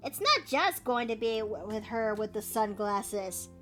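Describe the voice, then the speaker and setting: A woman's voice: on the high side, big pitch swings, measured pace, pushed and bright, soft background music. A Canadian woman chatting casually as she draws live on stream, thinking aloud with playful asides. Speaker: streamer and artist. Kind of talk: casual chat while drawing live.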